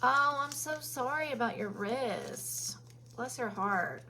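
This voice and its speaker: A woman from Kentucky speaks with a Southern accent and a bright, forward tone. She takes her time over a chatty live-stream makeup session. She fills the gaps with ums and greets each viewer by name. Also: on the high side, takes it slowly, a little hiss or hum. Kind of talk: casual live-stream chat.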